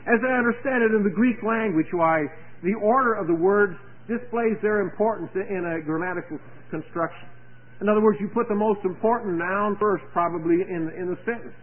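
A man with a notably high voice preaches a Bible sermon, earnest and searching, often tossing rhetorical questions at his listeners. He tends to stumble and repeat words as he goes. The sound is thin and tinny, like a phone-line radio broadcast. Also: normal speed.

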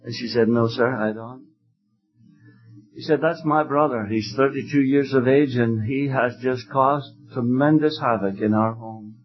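A man preaching an evangelistic sermon, telling stories fervently and emphatically, with loud exclamations at times. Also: mid-range voice, measured pace, dull audio, faint music behind.

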